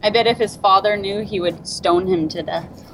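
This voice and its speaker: A woman's voice: mid-range voice, fairly even intonation, moderate pace. A woman with a mid-range voice banters in a playful, teasing way as co-host. Faint noise sits behind her. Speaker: podcast co-host. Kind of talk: casual prank-call banter.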